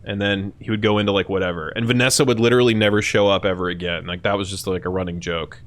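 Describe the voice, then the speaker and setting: A young man hosting a live stream, chatting casually with his chat in a profane, animated way and often jumping into shrill mock voices. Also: quick pace.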